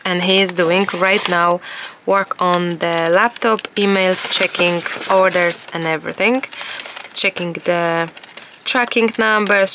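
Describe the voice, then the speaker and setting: A woman in her thirties chats casually as she works on a collage, musing aloud and enthusiastic. Her voice has a gravelly morning fry. The home studio recording carries clear background noise. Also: mid-range voice. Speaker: collage artist and journal vlogger. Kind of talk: casual chat while crafting.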